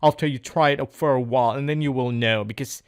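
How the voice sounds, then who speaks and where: A man's voice: mid-range voice, fairly even intonation, fairly quick, clear, resonant tone. A man speaking in an unscripted practice monologue, hesitant and searching for words, often repeating phrases as he goes. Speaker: English learner recording speaking practice.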